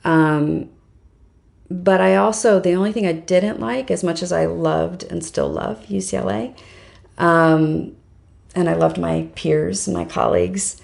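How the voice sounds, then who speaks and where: A woman's voice: fairly low pitch, steady tone, a little slow, gravelly, a little mellow. A middle-aged woman, a guest on a podcast interview, telling her story in a chatty way with lots of "like" and "um". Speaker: podcast guest, fundraising professional.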